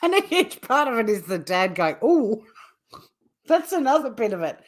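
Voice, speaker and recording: A woman's voice: a little high, very animated, a little fast. A woman hosting a casual true crime livestream, blunt and swearing freely, repeatedly breaking into helpless laughter. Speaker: true crime YouTube host.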